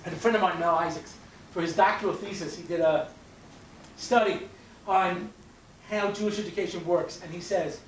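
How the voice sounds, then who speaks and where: A high-sitting male voice with fairly even intonation and normal speed belongs to a rabbi and educator from Long Island, New York. He gives a storytelling lecture, constantly checking in with listeners, captured on a roomy, distant mic with faint noise.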